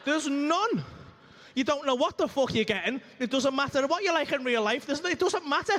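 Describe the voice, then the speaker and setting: Man, very high voice, crude ranting stand-up, comedy club stage. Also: expressive, moderate pace, fairly bright tone.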